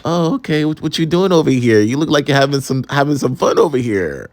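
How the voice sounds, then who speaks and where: A man's voice: medium pitch, lively intonation, fairly quick, darkish tone, dry recording, natural voice. A man voicing a sassy, overly friendly big college guy who flirts. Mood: friendly, nosy.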